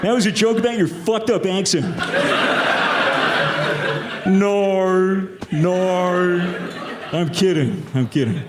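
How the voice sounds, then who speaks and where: Give me a young man doing dark, deadpan stand-up comedy with a high, lively voice, in an echoey room with a loud crowd. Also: fairly quick, few pauses, background noise. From United States. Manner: dark, deadpan joke delivery.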